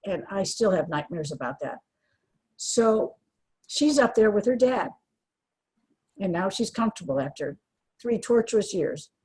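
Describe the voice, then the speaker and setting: A woman's voice: medium pitch, sing-song, unhurried, pauses often, a little mellow, slightly rough, low-quality recording. An older woman speaking earnestly and from the heart as an interview guest, with frequent restarts. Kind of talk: emotional personal interview.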